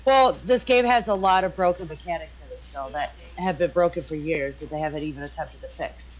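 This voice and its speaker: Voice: mid-range voice, fairly quick, poor audio. A gaming friend on voice chat, blunt and argumentative, swearing as they make their case.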